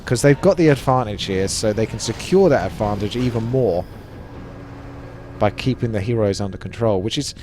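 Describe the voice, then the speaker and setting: A man's voice: lowish voice, animated, moderate pace, darkish tone, slight background noise. A man casting a live strategy game match, chatty and analytical. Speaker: esports caster.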